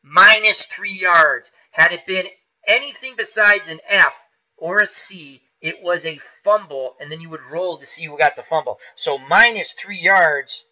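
Man, higher-pitched and very bright, casual play-by-play of a dice football game over dull lo-fi stream audio. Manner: casual, explains dice rolls aloud, excitable at big plays. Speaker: tabletop football game host.

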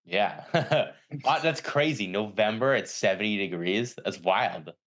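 Laid-back podcast host who laughs a lot. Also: male voice, fairly low pitch, a little slow, a bit bright. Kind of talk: casual podcast chat. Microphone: video call.

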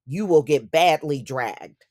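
In her opinion commentary vlog, a YouTube commentator speaks emphatically and with indignation, repeating phrases for effect. Her voice is low with lively intonation, and she takes her time.

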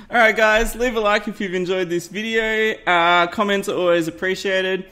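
A man's voice: high-pitched, normal speed, pushed and bright. Upbeat man narrating a game tutorial. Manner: chatty, upbeat, laughs at himself. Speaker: gaming YouTuber host. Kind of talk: casual game tutorial commentary. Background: faint game music.

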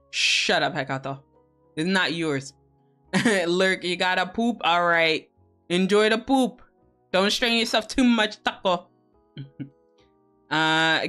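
A woman's voice: lowish voice, sharp tone. A woman streamer hosting a co-working stream, chatting casually with viewers in a teasing, profane, giggly way.

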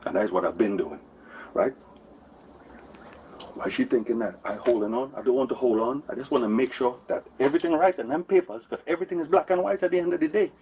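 Rambling guy talking fast to the police, distant bodycam audio, faint noise behind. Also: mid-range voice, expressive, darkish tone. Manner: rambling, repetitive, keeps asking for agreement. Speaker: man speaking to police. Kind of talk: heated conversation with officers. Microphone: officer's body camera.

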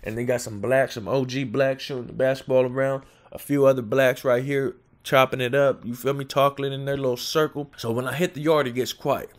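A man's voice: medium pitch, fairly quick, hardly any pauses. Man in his 20s from California, casual street storyteller, loose and laughing. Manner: streetwise slang, laughs often, animated retelling.

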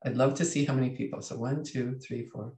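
Male coach, webinar host, lively, reads chat aloud, echoey room. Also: mid-range voice, brisk. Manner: lively, reads out chat comments, acts out inner voices. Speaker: leadership coach. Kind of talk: webinar teaching.

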